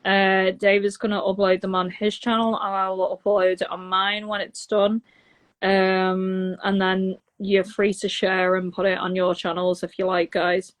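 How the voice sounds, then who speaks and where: A woman's voice: medium pitch, level tone, a little slow. A woman with a London accent co-hosting a podcast, talking in an earnest, open way in casual chat. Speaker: podcast co-host, singer.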